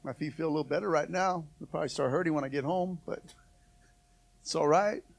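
A high-pitched man preaching from the pulpit as pastor. He exhorts the congregation in an animated way, with repeated calls of come on and hallelujah. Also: a little fast, gravelly. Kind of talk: sermon.

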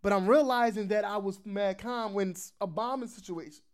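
A man hosting a podcast, telling a story in casual chat, animated and swearing, laughing often. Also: sits high, fairly quick, smooth. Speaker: podcast host.

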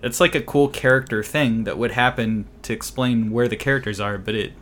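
A man's voice: medium pitch, brisk, fairly bright tone, a little hiss or hum. A man co-hosting a casual movie discussion, rambling with many fillers and restarts. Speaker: podcast co-host.

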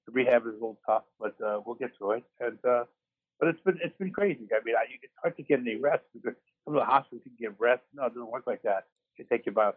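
A man's voice: mid-range voice, quick pace, breathy edge, no room sound. A man co-hosting a sports podcast from a hospital room after surgery, rambling and self-deprecating with lots of restarts. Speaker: podcast co-host. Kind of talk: casual sports podcast chat. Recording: tinny phone line.

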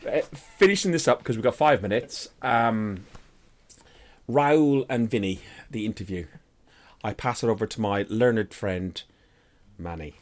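A man's voice: on the low side, measured pace. A man hosting a casual football chat, rambling and jokey, with plenty of swearing. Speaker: podcast host.

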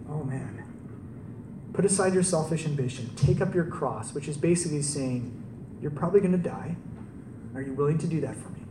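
A man preaching a sermon, telling stories in a conversational way and asking rhetorical questions. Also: fairly high pitch. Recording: roomy, distant mic with faint background noise.

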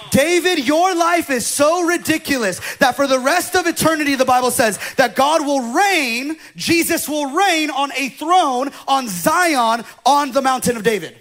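A pastor preaching a sermon in a church with great passion, swinging from loud peaks to soft, choked-up near-whispers. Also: male voice, very high-pitched. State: choked up with emotion. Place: church hall.

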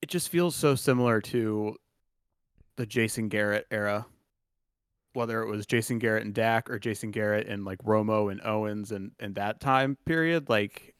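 A man co-hosts a sports podcast, chatting in a loose, rambling, jokey way and laughing often. His voice is lowish, clear and resonant at a moderate pace. The recording is dry with clean studio sound.

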